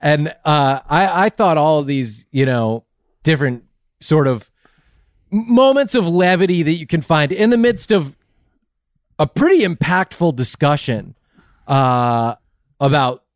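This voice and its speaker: A man hosting a comedy interview, asking long, mock-serious questions in a deadpan way. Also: fairly high pitch, a little slow, no room sound, studio quality. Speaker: host.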